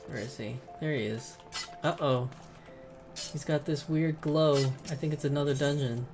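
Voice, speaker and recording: Low-voiced woman chatting over gameplay. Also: moderate pace, over music. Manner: chatty, reacting aloud. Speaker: gamer. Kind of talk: gameplay commentary.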